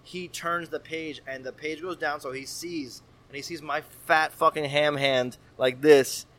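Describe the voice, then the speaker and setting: Animated profane man telling a story. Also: on the high side, a little slow. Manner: animated, profane, acts out voices. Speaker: podcast guest. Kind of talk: casual storytelling.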